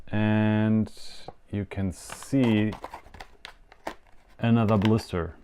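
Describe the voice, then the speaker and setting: German-accented host, low voice, unhurried rambling unboxing chat, faint background noise. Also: male voice, warm tone. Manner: rambling, self-mocking, many fillers. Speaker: yo-yo show host.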